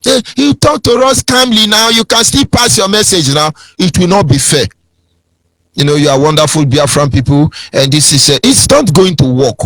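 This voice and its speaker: Nigerian guy ranting on radio, high sing-songy voice, preachy and mocking, dry close sound. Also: lively intonation, moderate pace, hardly any pauses, fairly bright tone, dry recording, faint music behind. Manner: preachy, sing-song, mocking impressions of others. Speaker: radio broadcast speaker. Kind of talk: impassioned political radio talk.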